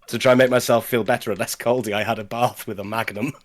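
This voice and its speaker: A man's voice: mid-range voice, fairly even intonation, moderate pace. A man chatting casually on a live stream, playful and chatty as he tells a little story. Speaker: podcast writer.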